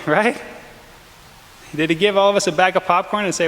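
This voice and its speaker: A male pastor giving a lively, conversational sermon with quick asides and chuckles, in a church. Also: sits high. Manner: energetic, conversational preaching with frequent asides and laughs. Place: large church. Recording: long hall reverb in church.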